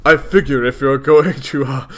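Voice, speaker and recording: A man's voice: mid-range voice, fairly even intonation, moderate pace, natural voice. A man voicing a snobbish young troll boy with stretched w sounds. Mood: huffy. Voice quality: drags out doubled w sounds. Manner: stumbling over the quirk, breaking into laughter.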